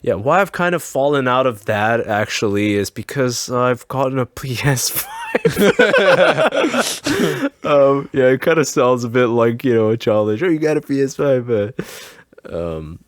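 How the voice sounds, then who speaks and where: A man co-hosting a podcast in casual chat, telling an animated story with acted-out quotes and frequent laughs. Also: mid-range voice, normal speed, no echo. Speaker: podcast co-host.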